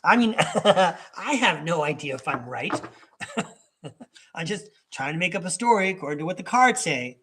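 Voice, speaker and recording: A man's voice: on the high side, lively intonation, unhurried, noisy background. A man hosting a live tarot reading for his chat, talking in a rambling, chatty way with lots of asides and small chuckles. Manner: chuckles between thoughts. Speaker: tarot reader and podcast host.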